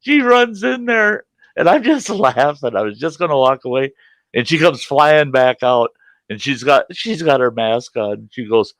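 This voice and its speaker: A man's voice: mid-range voice, expressive, moderate pace, fairly bright tone, dry recording. A middle-aged man telling a salty, folksy story to his livestream chat, laughing often. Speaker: livestream host. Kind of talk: casual storytelling to a live chat.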